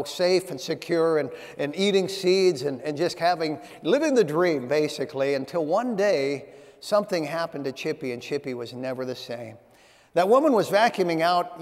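A man's voice: a little high, darkish tone. A man preaching a sermon as pastor, reading scripture and telling stories in a folksy way. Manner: storytelling preacher, reads scripture in old-fashioned phrasing. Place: church sanctuary. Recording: long church hall reverb.

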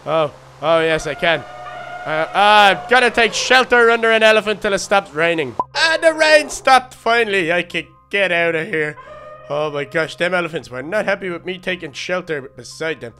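A man voicing a silly, excitable male baby duck, rambling and talking to himself through a game role-play. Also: high voice, moderate pace, slight background noise. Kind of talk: Minecraft role-play narration.

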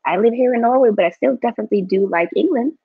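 Young woman yelling along to a football match on stream, breathy voice, dull dry lo-fi mic. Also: fairly high pitch, fast, no room sound. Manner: excitable, reads out viewer chat. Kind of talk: live match watchalong chat.

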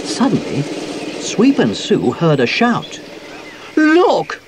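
Slow, expressive male storybook reader. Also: mid-range voice, background noise. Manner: slow, expressive read-aloud. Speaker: audiobook narrator. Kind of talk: children's storybook reading.

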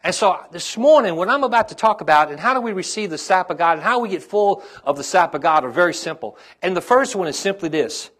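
A man's voice: high-pitched, lively intonation, fast, few pauses, fairly bright tone. A man, a pastor preaching a sermon to his congregation and calling out to them as his intensity rises.

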